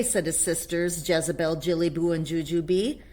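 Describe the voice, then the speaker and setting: A woman reading a picture book aloud to a child on camera, animated, with chatty whispered asides. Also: low voice, normal speed.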